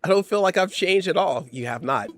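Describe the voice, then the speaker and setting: Playful, animated game streamer. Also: mid-range voice, fairly quick. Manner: playful, slangy, laughs often, teasing chat. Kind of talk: casual live-stream gameplay commentary.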